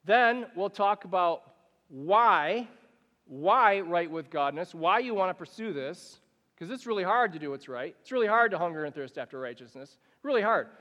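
High-voiced pastor preaching in a reverberant hall. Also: male voice, moderate pace, highs cut off. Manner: animated, conversational preaching with acted-out examples. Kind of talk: sermon.

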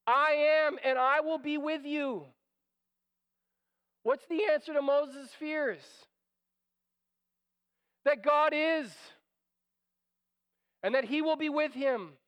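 A man preaching a sermon as pastor, animated and acting out quoted lines, sometimes dropping to a near whisper. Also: very high-pitched, slow, pauses often, dull audio.

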